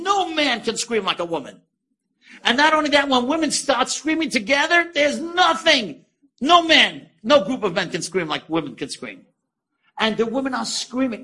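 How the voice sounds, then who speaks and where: A man, a rabbi, telling a story in a sermon, animated and climbing into excited exclamations. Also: fairly high pitch, husky.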